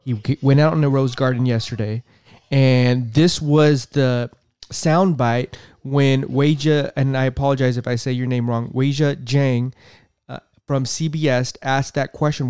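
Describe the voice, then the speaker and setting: A man's voice: medium pitch, steady tone, measured pace, a little mellow, smooth, no echo, clean studio sound. A man hosting a podcast, ranting with profanity and exasperation and repeating himself as he comments on a press briefing. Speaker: podcast host.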